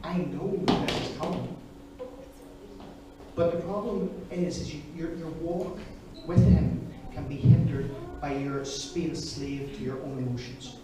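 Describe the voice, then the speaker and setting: A man's voice: fairly high pitch, a little slow. A man preaching a sermon, earnest and personal, speaking straight to the congregation. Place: church hall. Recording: echoey hall, distant mic, noisy.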